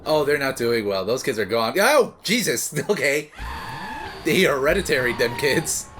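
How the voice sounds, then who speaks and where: A man's voice: medium pitch, big pitch swings, normal speed, music in the background. A man hosting a movie reaction, rambling and joking as he talks back to the screen. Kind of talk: casual reaction commentary.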